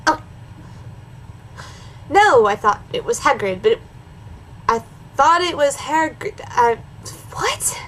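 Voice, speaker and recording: A woman's voice: high voice, expressive, slow pace, pauses often, fairly bright tone, slight background noise, poor audio. A woman doing a comedic dramatic reading of a bad story, breaking off for sarcastic asides. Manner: sarcastic, mocking, switches between reading and snarky asides. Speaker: reaction video host.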